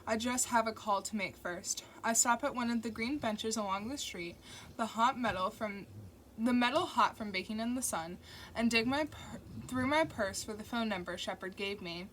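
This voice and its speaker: A woman narrating a novel as an audiobook in first person, with steady, intimate storytelling. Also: on the high side, moderate pace. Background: faint construction noise.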